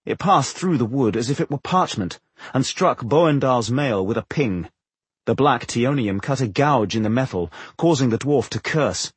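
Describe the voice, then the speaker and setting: Give me a male audiobook narrator with a husky voice, telling a fantasy tale expressively. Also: mid-range voice, normal speed, no room sound. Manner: expressive storytelling.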